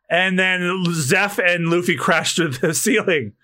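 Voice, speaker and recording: A man's voice: high-pitched, slow, few pauses, sharp tone. A man hosting a podcast, reading comic pages aloud, acting out lines and swearing casually. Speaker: podcast host. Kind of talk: casual read-along of a comic.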